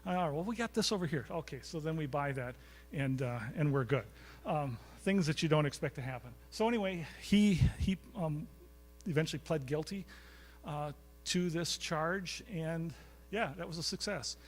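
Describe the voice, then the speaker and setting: A guest speaker with a voice on the high side talks at a normal speed, giving a storytelling lecture to a live audience in a college recital hall. He's chatty and anecdotal and often quizzes the crowd.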